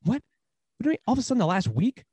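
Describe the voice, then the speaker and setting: A man co-hosting a casual sports podcast, talking at a rapid clip. He rants with growing heat and breaks into laughs, and the sound is close and dry with no room echo. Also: very high voice, breathy edge. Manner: ranting, animated, quick to laugh. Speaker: podcast co-host.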